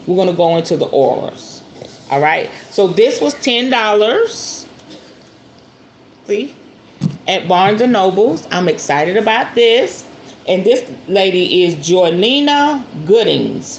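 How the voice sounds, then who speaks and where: A woman hosting her spiritual channel, chatting to viewers while she unboxes a purchase. She is animated and playful and often calls her viewers "y'all" and "honey.". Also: on the low side, slight background noise. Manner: excitable storyteller, acts out shop talk.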